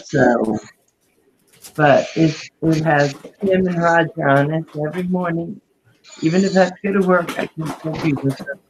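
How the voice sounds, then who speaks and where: A woman's voice: low voice, moderate pace, a little hiss or hum, poor audio. A woman co-hosting a video call-in chat show, talking casually and laughing often.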